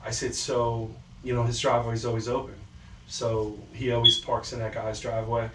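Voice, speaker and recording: A man's voice: mid-range voice, little pitch movement, normal speed, a bit bright. Podcast host, male, casual storyteller, does voices for quotes, roomy distant mic sound. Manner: loose storytelling, quoting people in put-on voices. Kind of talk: casual chat. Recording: echoey room, far from the mic, faint noise.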